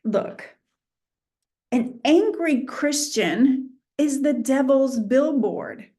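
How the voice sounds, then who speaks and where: Extremely slow and high-pitched, a middle-aged New England woman leads a lively, informal Bible lesson in which she acts out imagined voices.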